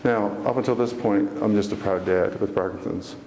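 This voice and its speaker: A man's voice: on the low side, steady tone, moderate pace, a little mellow, a little hiss or hum. Man giving a motivational talk in an echoey church hall. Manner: earnest, folksy, asks the audience questions. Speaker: motivational speaker.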